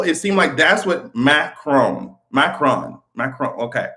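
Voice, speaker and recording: A man talking in a casual commentary vlog, animated, swearing freely and laughing often. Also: medium pitch, measured pace, hardly any pauses. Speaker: vlogger.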